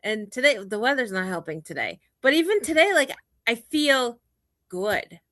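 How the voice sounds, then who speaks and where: Woman, guest, video call chat, animated, quick bursts, bright, dry sound. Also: a little high, dry recording. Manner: animated, retelling her days with quick bursts and quoted self-talk. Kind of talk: casual video chat interview.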